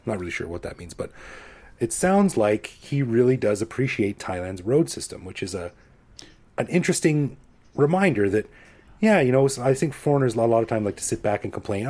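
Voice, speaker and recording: A Canadian man in his forties co-hosting a podcast, talking in a relaxed, self-deprecating way. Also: medium pitch, a little fast. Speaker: podcast co-host. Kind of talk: casual chat.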